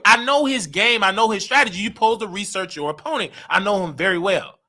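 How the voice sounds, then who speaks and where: A man hosting a livestream show in an animated, boastful rant. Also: high voice, fast. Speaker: show host.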